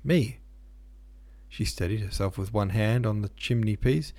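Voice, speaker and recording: Gravelly male audiobook narrator. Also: lowish voice, fairly even intonation, moderate pace, mellow, no room sound. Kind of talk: literary audiobook reading.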